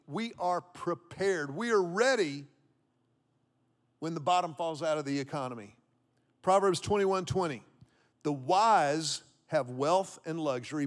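Fifties male pastor from Texas, slightly high voice, storytelling sermon with repeated punchlines. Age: 50s. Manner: storytelling preacher, repeats key phrases for emphasis. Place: church auditorium with congregation.

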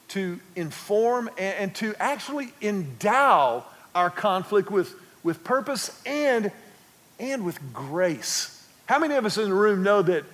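A man's voice: high-pitched, long reverb tail. A man preaching a sermon, telling a family story and asking the congregation questions. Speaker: pastor.

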